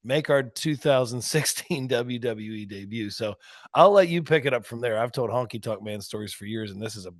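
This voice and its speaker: Easygoing male podcast co-host, mid-pitched, dry and close to the mic. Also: expressive, fairly quick, dry recording. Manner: laid-back, chiming in with short agreements. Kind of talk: casual chat.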